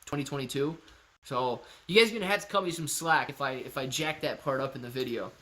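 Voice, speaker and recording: A man hosting a live stream, answering viewer chat in a casual, energetic and hyped way, calling people man and dude. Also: medium pitch, fast. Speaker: livestream host answering chat.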